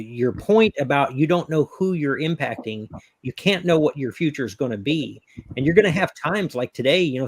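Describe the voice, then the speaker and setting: A man's voice: medium pitch, no echo. A man co-hosting a live online talk show, speaking in an earnest, reflective way. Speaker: co-host. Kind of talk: casual chat.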